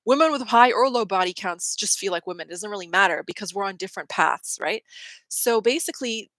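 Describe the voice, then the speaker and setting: Bright, opinionated woman host. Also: mid-range voice, expressive, a little fast, dry recording, rough recording. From Canada. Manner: opinionated, quotes people in mocking voices. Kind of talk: casual spiritual talk.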